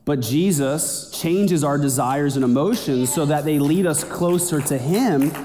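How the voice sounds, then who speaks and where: A man gives a sermon in a relaxed, conversational preaching voice that builds with energy. His voice is mellow and sits a little high. The sound carries a long reverb from a big hall. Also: measured pace. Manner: conversational preaching, builds in pitch toward the end. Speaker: pastor.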